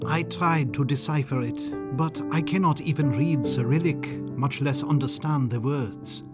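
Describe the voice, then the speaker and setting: A man's voice: fairly high pitch, over loud music, lightly acted. A man voicing Rudolph, a formal baron. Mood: puzzled. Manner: formal, measured. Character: Rudolph, a cultured European baron.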